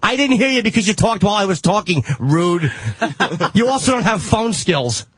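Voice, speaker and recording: A man co-hosting a radio show, yelling and trading insults with a caller in a heated argument. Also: sits high, very animated, normal speed, breathy edge. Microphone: studio microphone.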